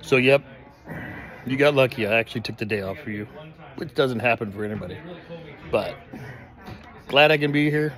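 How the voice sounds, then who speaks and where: A man with an ordinary mid-low voice teases his brother in a dry, joking way, then softens into affection. The sound is clean, without much background. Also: moderate pace, long pauses. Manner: dry teasing. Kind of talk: casual joking birthday message.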